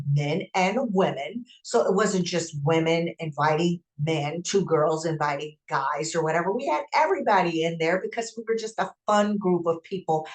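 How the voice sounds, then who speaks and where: Woman, lowish voice, podcast host, emphatic storytelling, acts out quotes. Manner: emphatic, animated retelling with acted-out quotes. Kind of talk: personal storytelling monologue.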